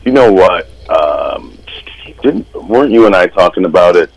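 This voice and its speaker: A man's voice: sits low, animated, normal speed, creaky, no room sound, low-quality recording. A man telling sardonic stories in a casual podcast chat. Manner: sardonic storyteller.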